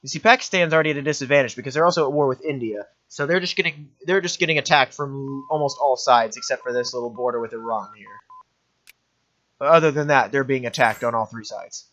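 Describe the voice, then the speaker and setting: A man's voice: mid-range voice, fast talker, a bit bright, muffled recording. A young man giving offhand, rambling commentary while playing a strategy game, often correcting himself. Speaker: gaming commentator. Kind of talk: let's play commentary.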